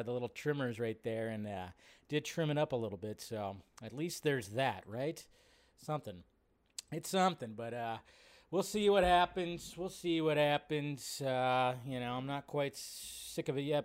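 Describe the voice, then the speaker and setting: A man hosting a live movie-news stream, chatting casually and rambling with plenty of fillers. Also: mid-range voice. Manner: rambling, laid-back, lots of fillers. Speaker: live show host.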